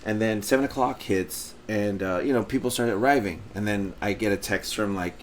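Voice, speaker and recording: A man's voice: on the low side, brisk, a little hiss or hum. A man co-hosting a podcast, telling a long rambling story in casual chat, acting out what people said and swearing freely. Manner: rambling, animated storyteller who acts out quotes, swears freely. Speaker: podcast co-host.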